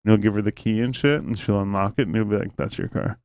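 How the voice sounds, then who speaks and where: A man chats on his podcast with a smooth, resonant voice. He tells a rambling story full of swearing and fillers. The sound is dry and close, with no room around it. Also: lowish voice, quick pace, a little mellow, no room sound. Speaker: podcast host. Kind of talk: casual podcast chat.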